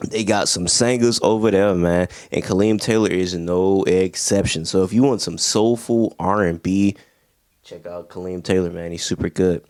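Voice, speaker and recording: Young guy hyping up albums, kinda low voice, dry close sound, lots of slang and laughing. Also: normal speed, dry recording. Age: young adult. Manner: excited, slangy, laughs often, breaks into snippets of song. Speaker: music reviewer, channel host. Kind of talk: casual album review.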